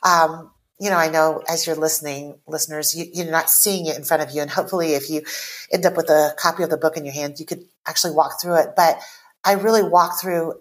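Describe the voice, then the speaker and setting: Reflective woman in her forties, low-pitched. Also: steady tone. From Taiwan. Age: 40s. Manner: earnest, reflective, speaks in measured phrases. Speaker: author guest. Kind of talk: podcast interview, reading her own poem.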